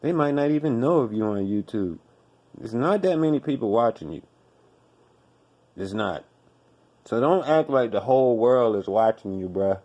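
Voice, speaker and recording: A man rants on his own podcast, blunt, profane and scolding. His voice is mellow and warm rather than bright, and his pitch sits at an average height for a man. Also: animated, moderate pace, pauses often. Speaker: podcast host. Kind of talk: profane commentary rant.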